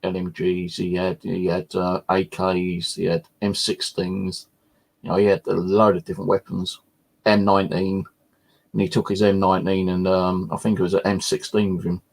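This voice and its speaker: A man's voice: low voice, flat delivery, moderate pace, creaky. A man hosting a live stream, chatting casually and rambling with frequent swearing and fillers. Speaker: channel host.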